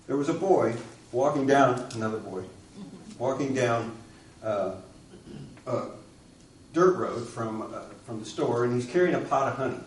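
Preacher in an echoey church hall. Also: male voice, medium pitch, measured pace, pauses often, slight background noise. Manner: storytelling, asks the congregation questions. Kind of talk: sermon. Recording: echoey room, distant mic.

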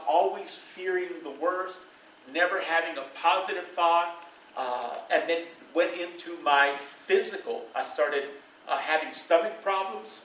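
A man's voice: on the high side, a bit bright, roomy sound, far from the mic, slight background noise, poor audio. A middle-aged man preaching a sermon to a church congregation, in a loose, conversational way, with fillers and bursts of laughter. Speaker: pastor.

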